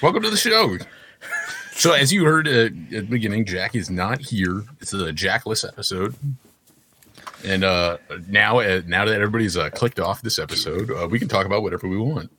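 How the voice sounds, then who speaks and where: A man co-hosting a podcast, chatting casually and joking with quick banter. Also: lowish voice, pushed and bright, a little hiss or hum. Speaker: podcast co-host.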